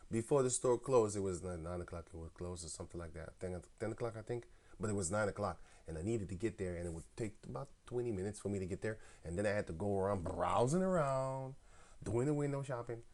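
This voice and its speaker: A camp member tells a casual, profane, slangy story, ranting as he acts out both sides of heated phone arguments. His voice is lowish and darkish, he talks quickly, and at times he drifts off-mic.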